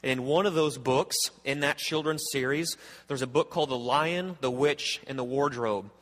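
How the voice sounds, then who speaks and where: Earnest pastor preaching in a reverberant hall. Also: male voice, medium pitch, moderate pace, a bit bright. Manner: earnest, emphatic, restarts and repeats words. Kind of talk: sermon.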